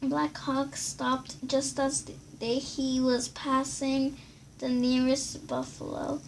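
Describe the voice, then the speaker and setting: A woman reads a children's book aloud in a high, creaky voice, going slowly and stumbling over words. Steady noise sits behind her in a home recording. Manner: stumbles and restarts while reading. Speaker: reader.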